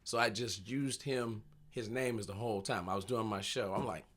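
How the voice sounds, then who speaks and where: A man, a stand-up comedian, is talking shop in a relaxed chat. He tells his stories with lots of energy and slips into other people's voices along the way, laughing as he goes. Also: fairly low pitch, normal speed. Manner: animated storyteller, acts out voices, laughs often. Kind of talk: casual storytelling chat.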